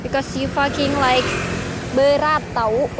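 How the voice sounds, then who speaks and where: A woman's voice: high voice, fairly even intonation, measured pace. A young Indonesian woman with an Indonesian accent and simple English, chatting playfully and giggling while out riding at night. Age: young adult. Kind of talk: casual chat. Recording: loud wind noise on mic.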